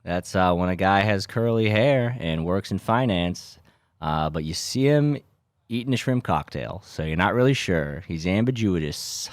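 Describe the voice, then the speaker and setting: A young man, a podcast host rambling in a sarcastic deadpan way with lots of filler words. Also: sits low, unhurried, no echo. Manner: dry sarcastic delivery with frequent filler words. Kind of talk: rambling deadpan comedic monologue.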